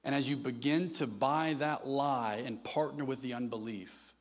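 A man preaching a sermon, moving between hushed, intimate passages and loud, impassioned ones. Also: medium pitch, moderate pace.

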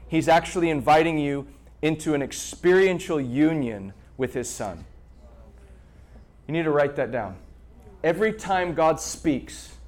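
A man preaching a sermon to a congregation in an animated way, repeating words and pausing for effect. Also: a little high. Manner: animated preaching with repetitions and dramatic pauses. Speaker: pastor.

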